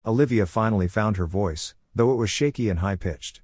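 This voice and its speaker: A man narrating a first-person drama story in a calm, cool tone. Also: on the low side, normal speed, dry recording.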